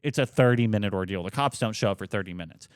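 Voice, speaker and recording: Man, twenties, lowish voice, dry sound, casual podcast story, loose and profane. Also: quick pace, clear, resonant tone, no echo. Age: 20s. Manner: animated, swears a lot, many fillers. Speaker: podcast co-host.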